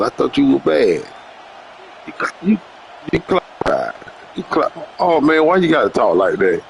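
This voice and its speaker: A man's voice: medium pitch, sing-song, normal speed, gravelly, slight background noise, rough recording. A man streaming a football video game, chatting casually in loose slang, joking and trash-talking with plenty of swearing. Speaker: gaming streamer. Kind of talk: casual livestream chat while playing.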